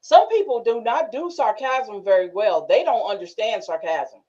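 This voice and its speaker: Woman host chatting with a group, bouncy high-ish voice, dull muffled sound. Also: normal speed. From northern United States. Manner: laughing, animated storytelling. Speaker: class host. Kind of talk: casual group discussion. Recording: muffled lo-fi recording.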